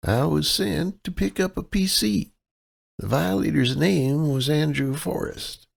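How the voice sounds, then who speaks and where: A man's voice: a little high, measured pace, gravelly, breathy edge, voice pushed up, exaggerated voice. A man putting on a chirpy Midwestern woman. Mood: bright, coaxing. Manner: breezy, flirty damsel-in-distress act. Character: female covert operative posing as a chirpy office clerk.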